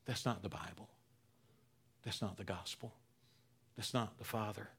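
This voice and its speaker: A man preaching a sermon, repeating phrases for emphasis and swinging between loud, emphatic lines and hushed near-whispers. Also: lowish voice, fairly even intonation, measured pace, husky. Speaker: pastor.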